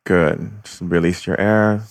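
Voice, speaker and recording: A man speaking calmly, teaching about spirituality and leading the listener through a guided exercise. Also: sits low, unhurried, gravelly, dry recording, studio quality. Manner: calm, instructive, leads guided exercises. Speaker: shaman guest. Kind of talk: spiritual guidance conversation.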